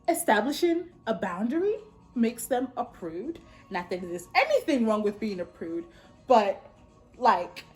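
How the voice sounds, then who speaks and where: A sassy young woman in her twenties tells a story at home while doing her makeup, with faint music playing behind her. Her voice sits fairly high, and her pitch swings widely as she leaps into sudden outbursts. It sounds like a casual vlog. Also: big pitch swings, unhurried, a little mellow. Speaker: beauty vlogger.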